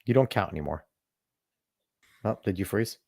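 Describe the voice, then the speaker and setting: A man's voice: on the low side, animated, normal speed, vocal fry, darkish tone, slightly rough, no room sound. Man, podcast host, emphatic ranting, profane, dry close sound. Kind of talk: casual political chat.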